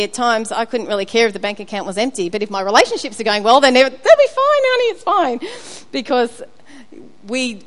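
A woman's voice: medium pitch, clean tone, in a large hall. A woman giving a candid sermon at church, sharing a personal testimony with frequent restarts and fillers. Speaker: speaker at church.

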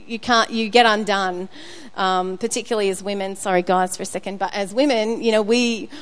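A woman's voice: mid-range voice, big-room sound. A woman giving a candid sermon at church, sharing a personal testimony with frequent restarts and fillers. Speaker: speaker at church.

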